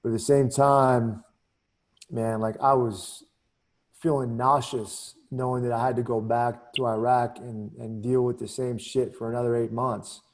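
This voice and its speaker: A man's voice: mid-range voice, little pitch movement, measured pace. A middle-aged man, a former Army captain, telling a candid story in a casual interview, full of "you know" and "man.".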